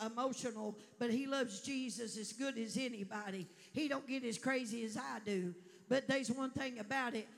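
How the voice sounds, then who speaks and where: A woman preacher delivering a fervent sermon to a congregation, building up to shouts. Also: sits high.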